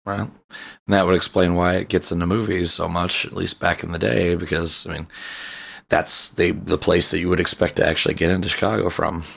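Deep gravelly husky man. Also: level tone, a little fast, fairly bright tone. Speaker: podcast co-host. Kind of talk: casual film chat.

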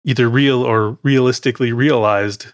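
A man's voice: mid-range voice, fairly even intonation, moderate pace, dry recording, clean studio sound. A man hosting a film podcast in casual chat, rambling, correcting himself and laughing often. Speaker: podcast host.

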